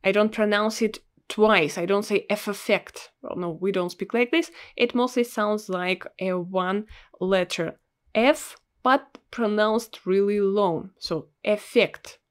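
A woman with a Russian accent and a medium-pitched voice teaches a language lesson, repeating words slowly and carefully for learners.

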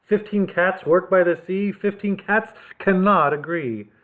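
A man hosting a children's library story time, reading picture books aloud with animated delivery and chatty asides. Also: high-pitched, a little slow. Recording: lo-fi phone-like sound.

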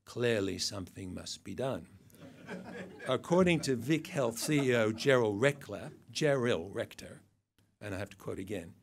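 A man's voice: fairly low pitch, expressive, measured pace, vocal fry. An older man giving a satirical awards speech to an event audience, dry and mocking, with wry asides. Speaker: awards presenter.

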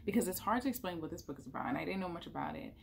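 Woman book vlogger, low gravelly voice, chatty and rambling, recorded at home. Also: lively intonation, very fast, slight background noise. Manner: chatty, emotional, lots of fillers. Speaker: book reviewer. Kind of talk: casual monthly reading wrap-up.

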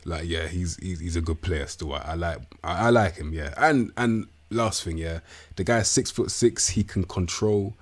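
A young man doing casual game commentary, slangy and rambling, with bursts of excitement. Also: sits low, normal speed. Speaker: gaming YouTuber. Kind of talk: casual commentary over a football management game.

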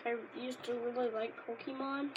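A woman rambling casually in a vlog, easily delighted and bursting into loud exclamations. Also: a little high, little pitch movement, normal speed, highs cut off, background noise. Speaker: Pokémon card reviewer. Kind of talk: casual unscripted vlog chat.

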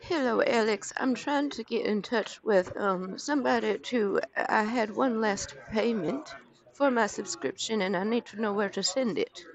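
A woman's voice: fairly high pitch, measured pace. A woman putting on the voice of a timid, confused elderly woman caller who hesitates and frets over her words. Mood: worried. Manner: hesitant, worried, fumbling for words. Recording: muffled lo-fi stream audio.

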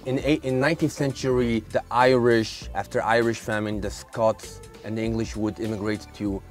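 A man from Mongolia, raised partly in Poland, hosting a talk show with deadpan teasing and halting fillers. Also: lowish voice, soft background music.

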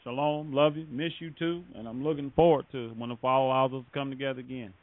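Phone-toned preacher hosting a call-in show. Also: male voice, medium pitch, fairly even intonation, fast, no echo. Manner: fervent, blesses callers. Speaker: radio ministry host. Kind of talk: call-in religious radio. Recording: phone-like call-in radio audio.

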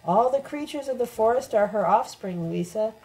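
A woman's voice: on the high side, lively intonation, normal speed, a little mellow, natural voice, low-quality recording. A woman voicing a filthy, unkempt male hermit who talks in a vague, otherworldly, musing way, in an audiobook reading. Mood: dreamy.

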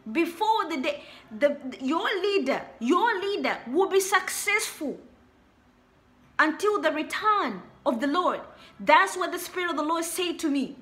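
A woman's voice: extremely high pitch, expressive, measured pace, a bit bright. A young woman preaching a sermon, repeating her warnings and rhetorical questions with emphasis. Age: young adult.

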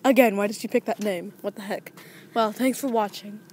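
A woman's voice: medium pitch, fairly even intonation, fairly quick, a little mellow, a little hiss or hum. An eleven-year-old girl hosting a playful mock nature documentary vlog outdoors, dramatic and giggly. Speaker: vlog host. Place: outdoors in a neighborhood.

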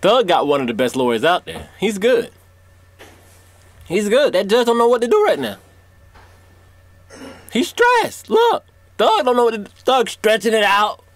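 A male commentator reacting to a court video in excited, slangy, loud casual talk. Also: sits high, measured pace, pauses often.

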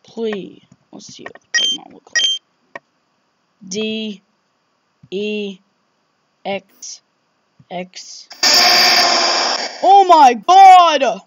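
Speaking very slowly with long pauses and huge swings in her medium-pitched voice, a woman comments on a horror game she's playing, like a let's play gamer. She's jumpy and exclaiming, swears often and says "oh my God" a lot, over a muffled recording with loud background noise.

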